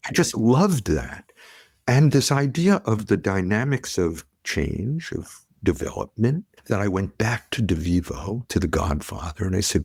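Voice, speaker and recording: Middle-aged man, gravelly low voice, lively yarn-spinning guest, dry close mic. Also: measured pace, no echo. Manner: animated storyteller, acts out quotes. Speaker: podcast guest, pediatrician. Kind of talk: conversational storytelling.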